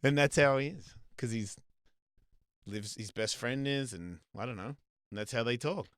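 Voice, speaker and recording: A middle-aged man with an Australian accent hosts a loose, profane chat, starting and restarting his sentences. His voice sits at an ordinary pitch, close and dry with no room sound. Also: normal speed, smooth, no echo. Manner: rambling, profane, lots of restarts. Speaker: host. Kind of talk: casual chat.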